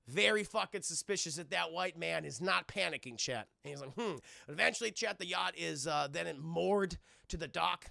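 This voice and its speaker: A man's voice: a little high, moderate pace, gravelly, sharp tone, dry recording. A man hosting a live stream, recapping a film in a profane, rambling way and constantly addressing his chat. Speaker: streamer host.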